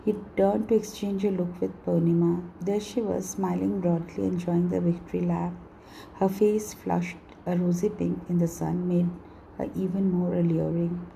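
A woman with a husky voice reads a novel aloud in a steady, measured way. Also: lowish voice, slight background noise, poor audio. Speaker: narrator. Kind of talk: storybook reading.

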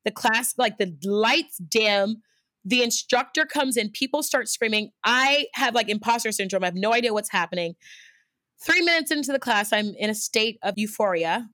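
A woman who works as a cycling instructor, telling a personal story in conversation with an earnest, lively manner, often restarting her sentences and dropping in fillers. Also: fairly high pitch, normal speed, no echo, studio quality.

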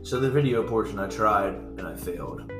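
A man's voice: lowish voice, animated, moderate pace, echoey room, music in the background. A man hosting a podcast, chatting casually at home with friends and doing jokey impressions. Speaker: podcast host. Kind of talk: casual chat. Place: room in a townhouse.

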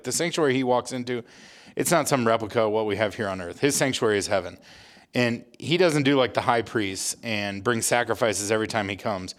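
A man's voice: mid-range voice, a bit bright. A man co-hosting a casual church podcast, reading scripture aloud and teasing his friends with easy laughter. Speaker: podcast co-host and reader.

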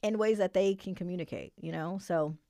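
A woman hosting a casual interview, speaking reflectively with frequent pauses and ums. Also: fairly low pitch, dark tone, no echo, studio quality. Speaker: podcast host.

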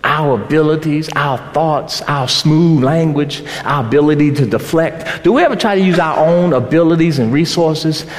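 A man preaching a sermon, building to shouts and slowing down for emphasis. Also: fairly high pitch. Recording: roomy hall with long reverb.

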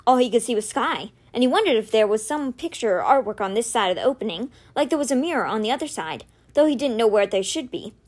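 Woman reading a novel, expressive narration, raised pitch, very lively delivery. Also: fast talker, few pauses. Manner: expressive, animated storytelling. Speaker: audiobook reader.

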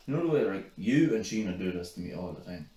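A man's voice: low-pitched, big pitch swings, quick pace, dark tone, roomy sound, slight background noise. A man co-hosting a podcast in casual banter, swearing and hesitant, trailing off into mumbled asides. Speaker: podcast co-host.

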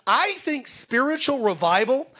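A man preaching in a high, light voice at a church service. He tells his stories in a loose, personal way. He keeps breaking into loud, shouted exclamations. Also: very animated, unhurried. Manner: storytelling, bursts into shouted exclamations. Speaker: pastor. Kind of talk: sermon.

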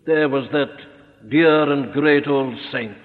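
A man preaching an expository sermon, earnest and emphatic, slowing down to stress his points. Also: fairly high pitch. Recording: echoey hall on a tinny narrow-band recording.

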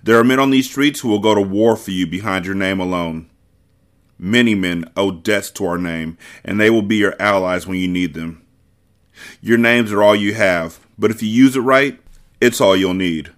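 A man's voice: on the low side, moderate pace, natural voice. A man reading the part of a fierce, protective aunt, firm and urgent with a tender edge, in a storybook reading. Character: fierce grieving aunt, protective young woman.

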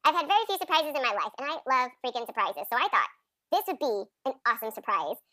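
A woman's voice: sits high, sing-song, fast talker, bright, forceful tone, no echo, studio quality. A woman in her thirties co-hosting a casual podcast, chatty, often laughing and acting out quotes. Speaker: podcast co-host. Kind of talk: casual chat recapping a sitcom episode.

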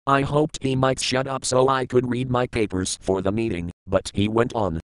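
Smooth-voiced male audiobook narrator. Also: medium pitch, steady tone, dry recording, rough recording. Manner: measured, plain storytelling. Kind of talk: first-person audiobook narration.

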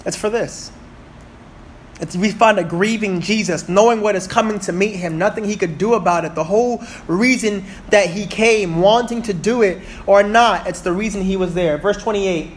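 A high-voiced man in his thirties delivers an animated sermon in a church. He reads scripture aloud slowly and throws questions out to the congregation. A faint hum of the room sits behind him. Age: 30s. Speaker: preacher.

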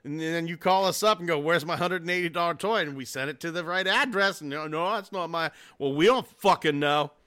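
A man in his forties co-hosting a casual podcast, excitable and swearing freely, with frequent laughs. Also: a little high, fairly quick, few pauses, clean tone. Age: 40s. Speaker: podcast co-host. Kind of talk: casual chat.

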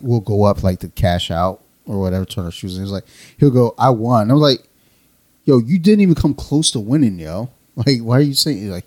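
A man's voice: lowish voice, a little mellow. A man co-hosting a casual podcast, telling a profane, laugh-filled story with slang. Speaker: podcast co-host.

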